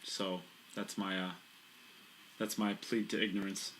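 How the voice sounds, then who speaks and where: A man's voice: deep voice, flat delivery, measured pace, a bit bright, poor audio. A man doing live pool commentary from a commentary booth, chatty and self-mocking, explaining the shots in detail.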